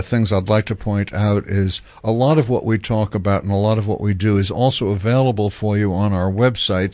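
A man's voice: on the low side, darkish tone, no room sound. A man hosting a radio talk show in a wry, chatty way with frequent restarts.

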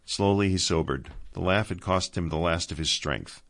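A man reading a story aloud in a measured, steady way. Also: deep voice, creaky. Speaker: narrator. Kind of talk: audiobook narration.

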